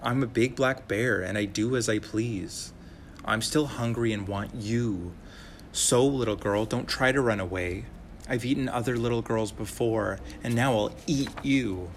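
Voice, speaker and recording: A man's voice: medium pitch, unhurried, a little hiss or hum, lightly acted. A man voicing a rude, greedy young bear in a read-aloud storybook, speaking in a whiny, boastful way. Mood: menacing.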